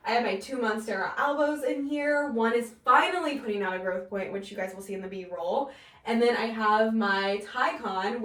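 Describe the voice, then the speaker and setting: A woman chatting to camera about her houseplants, talking casually with lots of fillers and sounding a bit winded. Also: fairly high pitch. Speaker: plant and knitting vlogger. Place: home room. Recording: roomy echo, mic at a distance.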